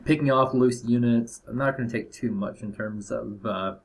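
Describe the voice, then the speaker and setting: Young guy doing a let's play, lots of ums and uhs, rambly, medium pitch. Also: moderate pace, creaky. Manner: rambling, hesitant with many fillers. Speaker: gameplay commentator. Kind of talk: casual let's-play commentary.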